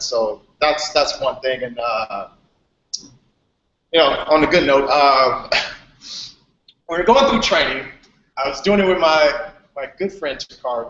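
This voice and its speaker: A young man, a Playfair presenter, telling stories in a casual chat on a group video call, animated and laughing. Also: medium pitch. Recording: echoey, dull video call audio.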